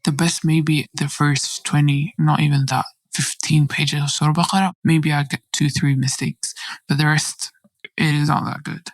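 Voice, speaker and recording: Breathy, flat-voiced woman telling her story. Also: sits low, low-quality recording. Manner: earnest and faith-filled, halting with restarts. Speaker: podcast guest. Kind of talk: personal story in an interview.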